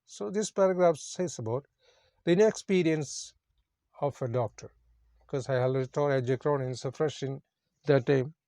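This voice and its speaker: A man's voice: mid-range voice, dark tone, dry recording, clean studio sound. A man teaching English, reading a story passage aloud and then explaining its words in simple phrasing, repeating each meaning.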